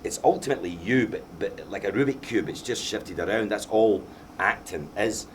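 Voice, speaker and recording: Middle-aged Glaswegian man, low-pitched, emphatic, faint noise behind. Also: expressive, moderate pace. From Scotland. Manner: passionate, emphatic, repeats himself. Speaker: film director being interviewed. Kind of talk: Q&A after a film screening.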